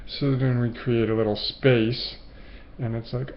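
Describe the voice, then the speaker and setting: A man talks slowly to the camera in a gravelly voice, halting and unhurried, now and then acting out his own inner thoughts. The recording is dull and lo-fi. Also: medium pitch, flat delivery. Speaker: vlog host. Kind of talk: casual talk to camera.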